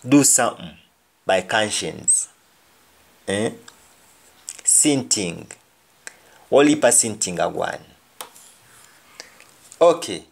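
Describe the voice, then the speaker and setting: Slow-speaking Jamaican man teaching. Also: low voice. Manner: repeats each example phrase twice, then translates it. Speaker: language teacher. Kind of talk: explanatory lesson.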